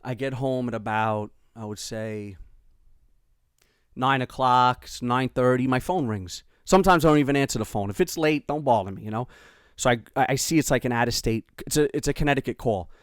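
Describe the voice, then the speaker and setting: Middle-aged New York dad telling a story. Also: male voice, mid-range voice, fairly quick, clear, resonant tone, no room sound, clean studio sound. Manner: animated storyteller, acts out quotes. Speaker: podcast host, father. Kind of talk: casual storytelling chat.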